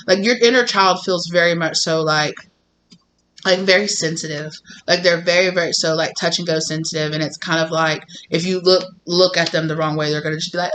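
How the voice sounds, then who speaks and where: A woman's voice: fairly low pitch, sharp tone, slight background noise. A woman doing a casual tarot reading, chatty and full of fillers, often acting out quoted voices. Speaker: tarot reader.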